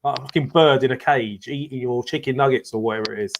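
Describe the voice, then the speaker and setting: A man's voice: medium pitch, fast talker, a little hiss or hum. A man co-hosting a casual banter show, joking and repeating himself. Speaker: co-host.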